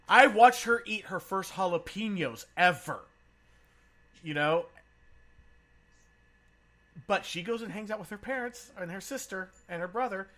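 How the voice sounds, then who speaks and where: A man's voice: sits high, expressive, slow pace, long pauses, fairly bright tone. A man from San Diego hosting a casual podcast chat, swearing freely and laughing often. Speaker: podcast host.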